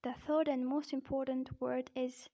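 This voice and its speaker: A woman with a high voice teaches a pronunciation lesson. She talks straight to her viewers and calls them guys. She says each example word slowly, often twice. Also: level tone, mellow. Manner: repeats example words, addresses viewers as guys. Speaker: English accent teacher.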